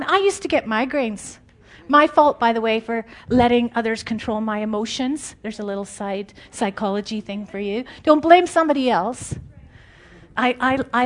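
A woman preaching an informal, conversational sermon, animated and often laughing. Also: a little high.

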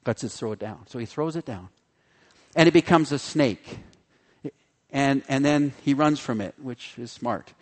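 A pastor preaching a sermon with animated delivery, acting out the voices in the story he tells. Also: medium pitch, unhurried. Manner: animated, acts out the figures' voices in quotes. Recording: long hall reverb.

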